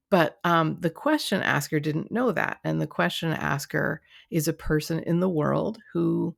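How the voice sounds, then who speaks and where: A woman's voice: low voice, a little slow, creaky, dry recording, clean studio sound. A woman hosting her own podcast as a coach, talking in a chatty, rambling way with lots of fillers and restarts. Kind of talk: casual solo podcast monologue.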